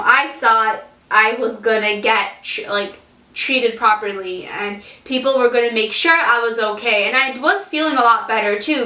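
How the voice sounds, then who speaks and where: A woman's voice: a little high, pushed and bright. A young woman vlogging, frankly telling a personal story, chatty and casual, swearing freely and laughing often. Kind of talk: candid storytelling vlog. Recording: roomy, from a distance off the mic.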